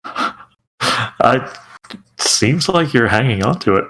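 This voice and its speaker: Slow, husky man with dry sarcasm. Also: mid-range voice, lively intonation, pushed and bright, low-quality recording. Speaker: podcast co-host. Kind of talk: casual chat.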